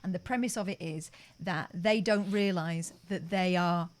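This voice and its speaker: A woman's voice: fairly low pitch, moderate pace. A woman co-hosting a live radio show, chatting casually and laughing easily. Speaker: radio co-host.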